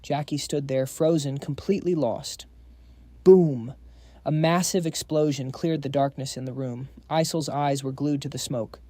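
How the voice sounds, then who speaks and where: A man's voice: mid-range voice, fairly even intonation, moderate pace, hardly any pauses, a little mellow, no room sound. A man narrating a manhwa recap in a dramatic, slangy storytelling manner.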